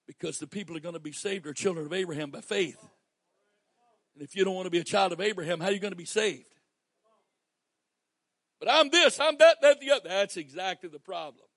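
A man with a Southern US accent preaching a sermon as pastor, swinging from quiet asides to loud, emphatic reading. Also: high-pitched, fast, dry recording.

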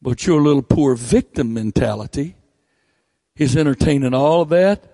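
A man's voice: animated, moderate pace, dark tone, no room sound, studio quality. A male preacher, delivering a blunt, folksy sermon with teasing asides into a handheld microphone. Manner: folksy, blunt, teasing, drops to low mocking tones.

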